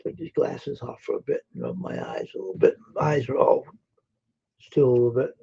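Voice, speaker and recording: A man's voice: mid-range voice, huge pitch swings, fairly quick, vocal fry, dark tone, breathy edge. A man hosting a live stream, chatting casually and answering his viewers' messages aloud while sounding tired and yawning. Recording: dull lo-fi stream audio.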